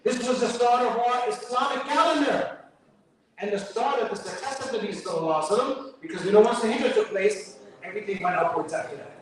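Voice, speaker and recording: At a mosque fundraiser, a New York-accented man gives a chatty, joke-filled sermon as the guest speaker, sprinkling in Arabic quotations. His voice sits high and moves at a quick pace, heard from far off in an echoing hall.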